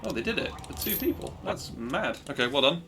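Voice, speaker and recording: A man's voice: on the high side, sing-song, a little fast, background noise. Chatty man commentating a speedrun. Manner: chatty, upbeat, self-congratulating asides. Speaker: speedrunner streaming a game. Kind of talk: live gameplay commentary.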